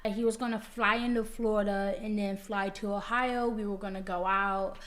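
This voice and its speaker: A woman telling how she met her husband, animated and excited, acting out her own reactions. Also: medium pitch, moderate pace. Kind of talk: casual storytelling.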